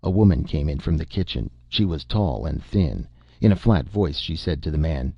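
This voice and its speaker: A male narrator reading an audiobook in a measured, even way. His voice is very low and gravelly. The recording is dull and dry, with no room sound. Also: dry recording.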